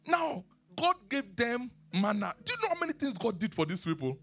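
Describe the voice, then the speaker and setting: A man preaching a sermon and teaching the Bible, animated, asking his listeners questions and laughing often. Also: extremely high pitch, normal speed.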